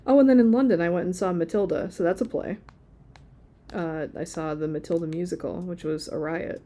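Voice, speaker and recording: A woman in her thirties chats casually while drawing on a live stream, speaking in a lowish, warm voice at a slightly fast pace. She rambles and uses many filler words, and faint music plays in the background.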